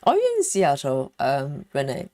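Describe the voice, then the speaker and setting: A woman's voice: rumbling low, huge pitch swings, measured pace, dark tone, dry recording, studio quality. A woman hosting a cross-stitch livestream, chatting casually, reading viewer comments and counting stitches, with lots of fillers. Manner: many fillers and self-interruptions. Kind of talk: casual chat while stitching live.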